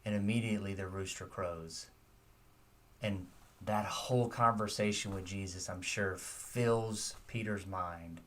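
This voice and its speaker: Slow earnest preacher guy, lowish voice, sounds a bit far off the mic. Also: steady tone, fairly bright tone. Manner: earnest, reflective, asks listeners direct questions. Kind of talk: short devotional sermon.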